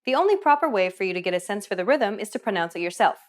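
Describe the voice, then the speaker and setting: A woman's voice: medium pitch, sing-song, rapid-fire. Upbeat woman narrating a language lesson. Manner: upbeat, clear instructional delivery. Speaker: language teacher.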